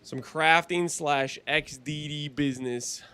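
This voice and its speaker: A man streaming a game live, chatting casually, answering his chat and clearing his throat often, his voice a bit hoarse. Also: fairly high pitch, slow pace, pushed and bright, slight background noise. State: hoarse-sounding voice.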